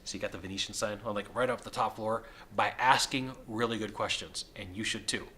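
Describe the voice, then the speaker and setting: A sales consultant talking casually to camera from a hotel suite, upbeat and chatty, his voice a little hoarse from losing it. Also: on the low side, steady tone, fairly quick, pushed and bright, slight background noise. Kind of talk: casual video talk to camera.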